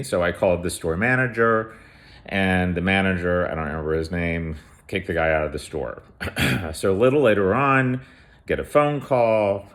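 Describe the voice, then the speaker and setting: A middle-aged man telling a personal story in a casual, animated way, acting out the quotes. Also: sits low.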